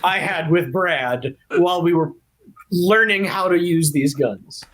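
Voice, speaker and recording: A man with a high voice tells a story on a podcast as a guest. He is animated and talkative. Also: measured pace. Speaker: actor guest. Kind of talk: podcast interview anecdote.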